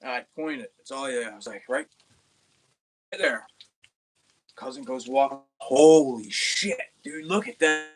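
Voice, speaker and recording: A young man from Pennsylvania, hosting an outdoors channel, telling a rambling, excited hunting story with many restarts. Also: medium pitch, measured pace, pauses often. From Pennsylvania, USA.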